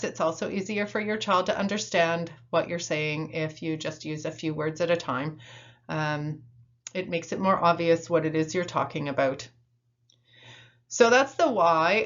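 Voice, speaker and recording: A woman calmly explaining parenting strategies in an instructional talk, pausing often with ums and uhs. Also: lowish voice. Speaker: instructor in a parent training video. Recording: dull, muffled recording.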